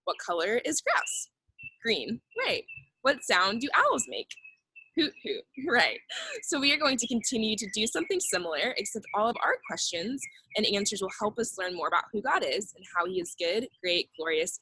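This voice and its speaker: Young woman, children's ministry teacher; husky, dry close recording, upbeat and repetitive. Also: medium pitch, lively intonation, moderate pace, bright, forceful tone, no room sound, poor audio. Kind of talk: kids' church lesson.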